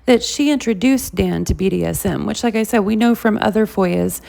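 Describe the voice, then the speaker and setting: A woman's voice: medium pitch, normal speed, gravelly, warm tone. A woman, chatting casually to viewers as she comments on clips. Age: 40s. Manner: chatty, addresses viewers as y'all. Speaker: commentary host.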